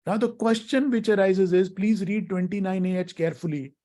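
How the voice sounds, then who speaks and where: A middle-aged man lecturing a workshop on law. His voice sits high for a man. He keeps checking in with his listeners, calls them friends and asks questions as he goes. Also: brisk, dark tone. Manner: teacherly, asks questions, addresses audience as friends. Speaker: workshop speaker, lawyer.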